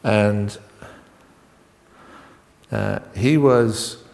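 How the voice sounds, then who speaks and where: A middle-aged man preaching an informal sermon, halting and full of restarts and asides as he talks with the congregation. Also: on the low side, gravelly, darkish tone. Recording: long reverb in a hall.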